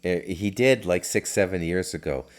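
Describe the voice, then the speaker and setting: Deep-voiced middle-aged guy rambling through stories on his podcast, lots of ums and likes. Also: normal speed. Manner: rambling, with many fillers and restarts. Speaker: podcast host. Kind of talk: casual storytelling.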